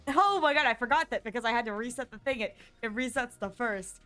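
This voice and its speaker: A young woman streaming a game, gushing and animated as she comments and reads lines aloud. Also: on the high side, normal speed, few pauses, clean tone, soft background music. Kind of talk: let's play commentary.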